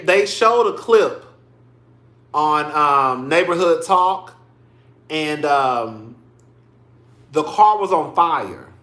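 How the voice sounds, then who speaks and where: A man's voice: on the high side, bright, forceful tone, roomy sound. A man in his thirties hosting casual livestream commentary, chatty and emotional, calling his listeners "girl" and "y'all". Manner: emotional, tearing up on stream.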